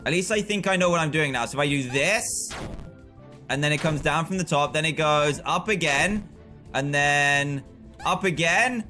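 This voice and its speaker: A man streaming live gameplay with excitable, frustrated commentary, often yelling at the game. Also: high voice, moderate pace, faint music behind.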